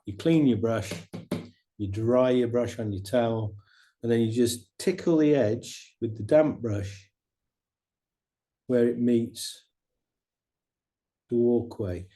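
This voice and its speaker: A middle-aged man teaching watercolor painting, chatting in a relaxed way and explaining each step as he paints. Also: medium pitch, slow, long pauses. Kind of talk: painting demonstration.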